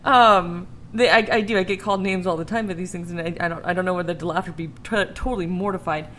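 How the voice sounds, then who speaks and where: A woman's voice: lowish voice, steady tone, racing, fairly bright tone, slight background noise. A woman hosting a podcast in casual chat, laughing often and swearing freely. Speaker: podcast host.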